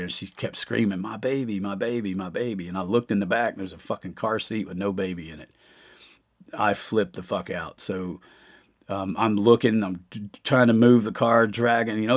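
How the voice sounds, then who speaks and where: A middle-aged man hosting a podcast, telling stories in a rambling, profane, casual way full of fillers. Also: lowish voice. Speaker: podcast host. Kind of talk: casual storytelling monologue.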